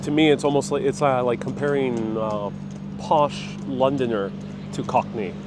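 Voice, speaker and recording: A man's voice: medium pitch, steady tone, normal speed. A man live-streaming as he walks through a city, chatting casually and thinking aloud, recorded on a phone outdoors. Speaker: live-stream travel vlogger. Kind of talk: casual walking live stream, reading viewer comments. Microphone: phone held while walking. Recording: outdoor street noise. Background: street noise and traffic.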